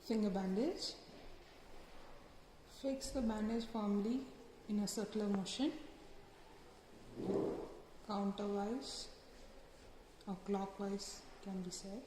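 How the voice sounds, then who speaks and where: A woman's voice: medium pitch, slow, pauses often. A woman giving short, step-by-step instructions for bandaging a hand and fingers. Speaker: medical student demonstrating bandaging. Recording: echoey room with faint noise.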